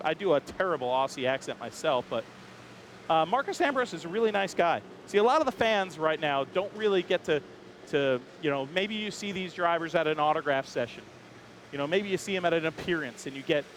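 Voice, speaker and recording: A man's voice: high-pitched, a bit bright. A man hosting a walking tour of a race garage, chatting upbeat and joking with crew members outdoors. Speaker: host. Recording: faint outdoor background noise.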